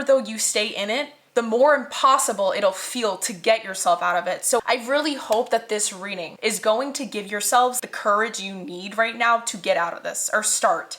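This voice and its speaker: A woman's voice: medium pitch, fairly bright tone. A woman giving a pick-a-card tarot reading to her viewers, earnest and blunt, speaking straight to them. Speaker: tarot reader. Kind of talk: direct-to-camera tarot reading.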